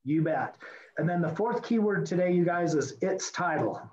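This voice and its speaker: A middle-aged man teaching a real estate class over a video call, talking fast as he walks through forms. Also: high voice, lively intonation, a little mellow. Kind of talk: virtual class lecture. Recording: muffled lo-fi video call audio.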